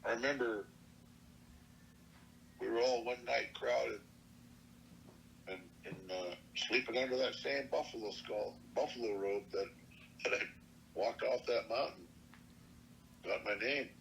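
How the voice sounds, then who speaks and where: A man's voice: mid-range voice, unhurried, gravelly, pauses often, fairly bright tone, a little hiss or hum, poor audio. An older man from Montana telling a personal story from his youth, plainspoken and earnest, with salty language. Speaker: elder storyteller. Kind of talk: personal oral-history storytelling.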